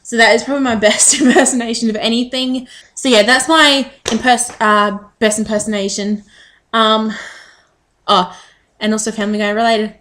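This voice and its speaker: A woman's voice: on the high side, little pitch movement, normal speed, a bit bright, a little hiss or hum. A woman chatting casually to the camera in a rambling way with frequent ums. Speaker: vlogger.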